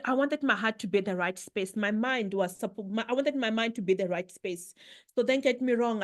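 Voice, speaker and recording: A woman giving an emotional personal testimony as a guest speaker at a business meeting, heartfelt and halting, often repeating herself. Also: fairly high pitch. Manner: heartfelt, halting, many repetitions and "you know"s.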